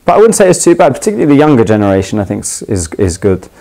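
A young man from London talks in a low, mellow voice with a clear London accent. He explains slang in a loose, chatty way, stumbling over restarts and fillers and laughing easily as he goes. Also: very animated, racing, poor audio. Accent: London English. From England. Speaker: footballer. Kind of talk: casual explanation of slang to camera.

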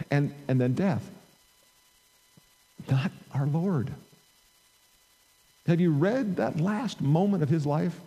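A man's voice: a little high, slow, long pauses, dark tone, in a large hall, rough recording. A man preaching a conversational sermon into an amplified microphone, reading scripture aloud and rising in emphasis. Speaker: pastor. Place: church sanctuary.

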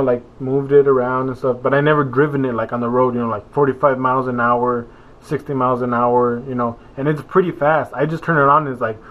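A young man chats loosely to his viewers, wandering between topics with plenty of ums and restarts. His voice sits in an ordinary middle register. The sound is narrow and tinny, as though it came down a phone line. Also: medium pitch. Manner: meandering, full of fillers and self-corrections. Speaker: vlogger. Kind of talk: rambling casual vlog.

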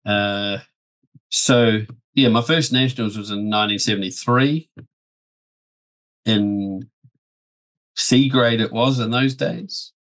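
A man in his sixties from New Zealand, calmly recalling his past as a podcast guest. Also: on the low side, slow pace, pauses often. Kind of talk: casual podcast chat.

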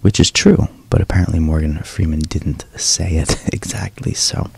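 A man from New Jersey, an actor and voiceover artist, talking softly in a whispered ASMR style with relaxed fillers. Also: very deep voice, normal speed, gravelly, few pauses, slightly rough, no room sound. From New Jersey, USA.

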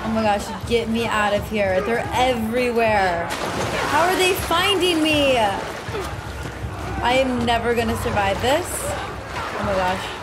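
A woman streamer reacting out loud to her gameplay, exclaiming in panic and talking to her viewers. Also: on the high side, animated, slow, heavy background noise. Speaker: video game streamer. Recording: loud game music behind. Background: game music and sounds.

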